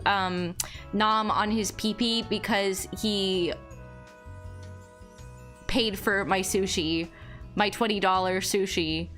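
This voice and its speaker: A woman's voice: mid-range voice, fairly bright tone. A young adult woman livestreamer telling stories in casual chat, rambling with lots of "like" and "you know what I mean".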